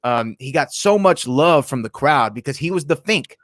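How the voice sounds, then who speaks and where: A man hosting a sports radio show, telling stories in an animated way with frequent laughs. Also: mid-range voice, moderate pace, no echo, studio quality. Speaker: radio host, ring announcer. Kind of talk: casual radio chat.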